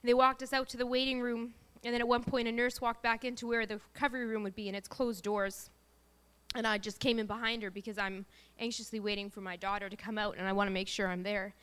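A woman in her thirties gives an earnest faith testimony about her family. Her voice sits a little high and sounds bright and forward, with a smooth, clean tone. She tells the story with plenty of feeling. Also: little pitch movement, quick pace. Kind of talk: personal faith testimony talk.

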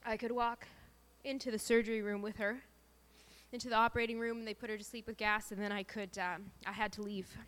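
A woman in her thirties gives an earnest faith testimony about her family. Her voice sits a little high and sounds bright and forward, with a smooth, clean tone. She tells the story with plenty of feeling. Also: little pitch movement, fairly quick. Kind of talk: personal faith testimony talk.

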